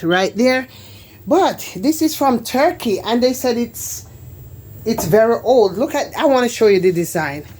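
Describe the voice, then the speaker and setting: A woman's voice: mid-range voice, darkish tone. Chatty churchgoing woman showing her home. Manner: chatty, faith-filled, repeats phrases for emphasis. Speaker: home vlogger. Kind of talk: casual home tour chat.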